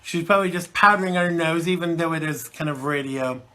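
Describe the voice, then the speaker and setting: A man with a higher-pitched, bright voice speaks briskly and with push, over slight background noise. He's hosting a live internet talk show from the UK, chatting and rambling with plenty of fillers while getting over a chesty cold.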